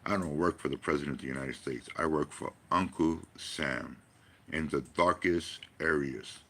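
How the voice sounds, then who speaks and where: A man's voice: a bass voice, normal speed, a bit bright. A man giving a rambling personal monologue, emphatic and profane, full of rhetorical questions. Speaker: vlogger.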